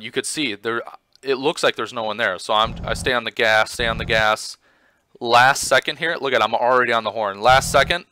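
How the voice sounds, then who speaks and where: A man casually commenting on his own motorcycle footage, rambling with lots of fillers and getting excited as he retells it. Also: lowish voice. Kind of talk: casual commentary over video.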